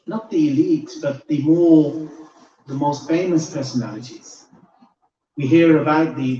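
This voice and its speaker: A man's voice: on the high side, mellow. Male preacher in an echoing hall. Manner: emotional, building intensity. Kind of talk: sermon storytelling. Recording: echoey hall, distant dull mic.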